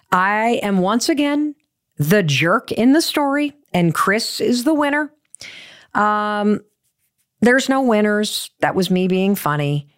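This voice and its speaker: Animated woman giving emphatic advice. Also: medium pitch. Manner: emphatic, repeats key points; animated storyteller, self-deprecating. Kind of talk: motivational advice talk with personal story.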